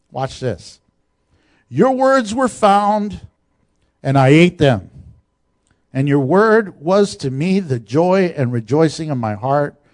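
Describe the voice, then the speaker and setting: A middle-aged man preaching a sermon, animated, with laughs and asides to the congregation. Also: high-pitched, no room sound, clean studio sound. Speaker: pastor.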